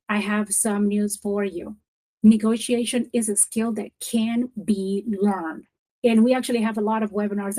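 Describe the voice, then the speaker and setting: A woman presenting a professional development webinar in a lively, encouraging coaching manner, stressing key words and repeating them for effect. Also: fairly high pitch, low-quality recording.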